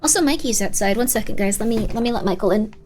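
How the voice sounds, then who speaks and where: Woman streamer: rambling, bouncy gameplay chat, slightly high, game music faintly behind. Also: quick pace, a little mellow. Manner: chatty, rambling. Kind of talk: casual gameplay commentary.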